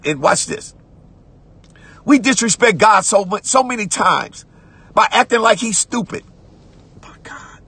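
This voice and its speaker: A man preaching a sermon as pastor, repeating phrases and breaking into shouts while reading scripture. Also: extremely high pitch, breathy edge, no room sound. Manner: preaching with repetitions, rising to shouts; conversational church talk, "watch this".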